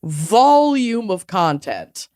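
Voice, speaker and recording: A woman co-hosting a podcast, talking in a casual, jokey, animated way and swearing now and then. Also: mid-range voice, extremely slow. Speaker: podcast co-host. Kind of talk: casual chat.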